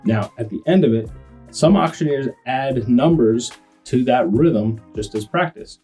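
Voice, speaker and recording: A man who works as an auctioneer explains his chant slowly, then breaks into quick rhythmic number runs. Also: mid-range voice, expressive, dark tone, slightly rough, faint music behind. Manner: slows down, then bursts into rapid chants. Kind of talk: explaining and demonstrating.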